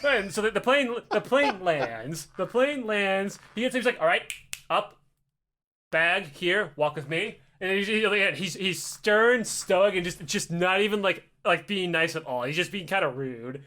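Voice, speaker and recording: A man's voice: high voice, animated, moderate pace, hardly any pauses, bright, forceful tone. A man casually telling a comic story, swearing often and acting out the voices with laughs. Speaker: podcast host telling a story.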